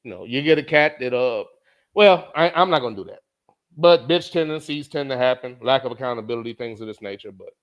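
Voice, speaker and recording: A man hosting his own show, telling a story in a casual, animated way, swearing often and repeating lines for emphasis. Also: a little high. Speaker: podcast host.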